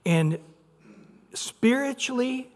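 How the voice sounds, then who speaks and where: A male pastor giving a sermon with lively delivery, acting out quotes and shifting between loud and soft. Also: extremely high pitch, very slow, big-room sound.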